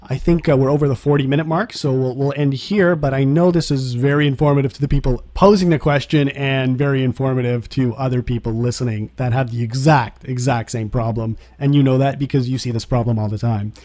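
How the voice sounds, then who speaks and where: A man's voice: mid-range voice, fairly even intonation, a little fast, hardly any pauses, darkish tone. A man hosting an interview, chatty and affable, thanking his guest and signing off. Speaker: podcast host.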